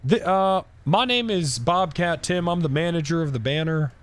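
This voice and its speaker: A man streaming a roleplay game in character, ranting excitably and swearing a lot. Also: fairly high pitch, normal speed. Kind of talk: casual in-character roleplay chat.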